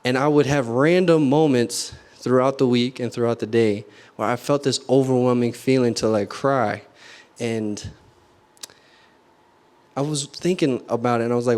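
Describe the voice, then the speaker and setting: A man's voice: mid-range voice, normal speed, darkish tone. A young man giving a short youth group sermon, earnest and casual, often asking the room questions and saying "like" a lot. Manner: casual, many "like" fillers. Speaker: youth speaker.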